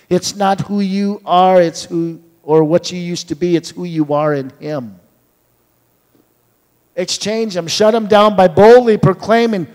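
A man preaching a sermon, telling stories with acted-out dialogue and building to fervent proclamation. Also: high-pitched. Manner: storytelling, acts out dialogue, rises to fervent proclaiming. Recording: long hall reverb.

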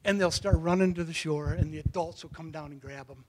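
A man preaching a sermon in a folksy storytelling way, moving from quiet asides to loud calls to the congregation. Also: on the high side, steady tone, fairly quick. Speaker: pastor.

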